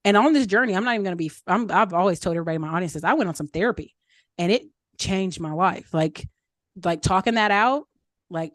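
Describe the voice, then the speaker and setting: A woman's voice: fairly low pitch, fast talker, dry recording. Chatty woman, candid and dry. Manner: candid, chatty, acts out quoted voices. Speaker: guest speaker answering questions. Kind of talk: casual advice talk.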